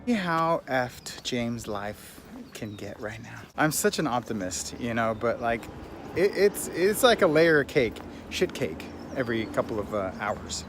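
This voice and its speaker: A hyped-up man talks straight to the camera as he walks residential streets, boastful and full of stories. His voice sits at an ordinary middle pitch. Street noise and passing cars come through clearly behind him. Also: big pitch swings, a little slow. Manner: hyped, self-promoting, storytelling. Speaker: real estate agent. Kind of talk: casual vlog to camera.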